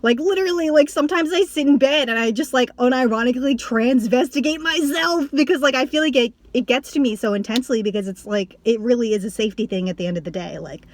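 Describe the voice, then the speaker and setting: A woman YouTuber talking casually to camera, rambling, with lots of "like" and quick restarts. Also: a little high. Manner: rambling, heavy use of "like", acts out others in a raised voice. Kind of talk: casual vlog talk to camera.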